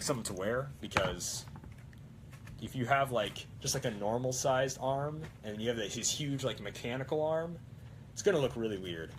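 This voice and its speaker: A young man who rambles through a crafting vlog, excitable and full of fillers. His pitch bounces around a lot as he talks. There is faint noise behind him in an indoor workshop. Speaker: prop-making vlogger. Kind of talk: casual crafting vlog chat.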